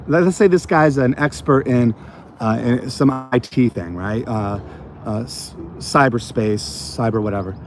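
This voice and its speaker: A man's voice: medium pitch, measured pace, a little hiss or hum. American man rambling on a walk. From United States. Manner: rambling storytelling, many fillers. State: recovering from a cold. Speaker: channel host. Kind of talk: casual walking vlog. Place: outdoor botanical garden on an evening walk.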